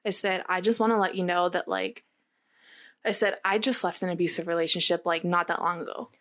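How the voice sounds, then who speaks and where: A woman's voice: fairly low pitch, steady tone, fairly quick, a bit bright. A young woman casually recounting a personal story on a podcast, filling her speech with "like" and acting out what people said. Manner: storytelling with many "like" fillers, acting out quoted lines. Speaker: guest telling a personal story.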